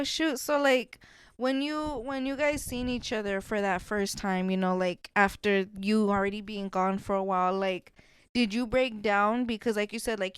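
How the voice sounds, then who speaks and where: Smooth-voiced woman podcast host. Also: mid-range voice, no echo. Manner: laughing, cursing, teasing. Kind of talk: casual chat.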